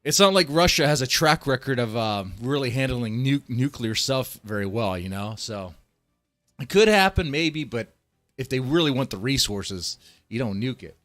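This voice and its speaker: A man from Texas ranting on a livestream, profane and heated, swinging between loud outbursts and low muttering. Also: lively intonation, moderate pace, soft background music. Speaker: streamer. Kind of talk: livestream rant.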